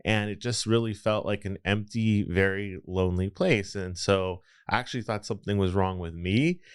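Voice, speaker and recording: A man from the Los Angeles area tells his story as a podcast guest, reflective and rambling in a casual interview. His voice is on the low side, smooth and moderately paced, captured in clean studio sound with no echo.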